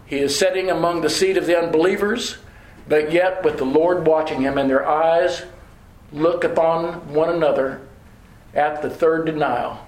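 A man preaching a sermon with deliberate, repetitive emphasis. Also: on the high side, roomy sound, poor audio.

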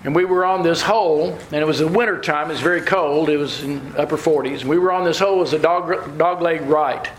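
A man's voice: on the high side, steady tone, fairly quick, hardly any pauses. Man, preaching, folksy and chuckling, reverberant hall. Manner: homespun, chuckling storyteller. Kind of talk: sermon with folksy storytelling. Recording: roomy hall with faint ambience.

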